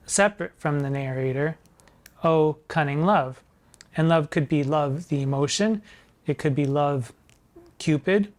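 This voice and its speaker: Hosting a discussion of sonnets, a drag performer delivers literary commentary in an arch, playful manner. His voice runs a little high, and he slows to stress quoted lines as he recites them.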